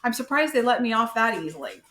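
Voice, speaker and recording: A woman voicing a gentle, honest male cricket who talks in an earnest, mild way. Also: a little high, big pitch swings, fast talker. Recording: echoey room.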